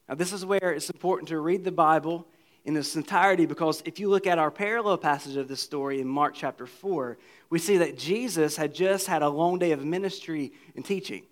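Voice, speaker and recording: A man with a high, light voice preaches a sermon from the pulpit. He is earnest and reads scripture aloud, and he often sinks to a low, quiet tone to stress a point. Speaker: pastor.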